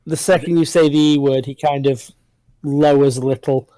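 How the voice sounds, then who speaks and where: A man's voice: on the high side, fairly even intonation, moderate pace, warm tone, no room sound, poor audio. Male game master for an online tabletop session, rambling descriptive narration, dry close mic. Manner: descriptive, loose narration with frequent fillers.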